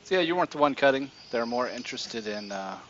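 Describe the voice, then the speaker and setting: Game master, male, mid-pitched, easygoing narration with fillers, dull lo-fi stream audio with faint hiss. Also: fast. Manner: relaxed, chuckling, filler-heavy narration.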